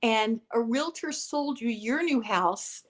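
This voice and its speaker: A woman hosting a casual interview chat. Her voice sits fairly high, and she talks in a chatty, playful way. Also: animated, slow pace. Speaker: host.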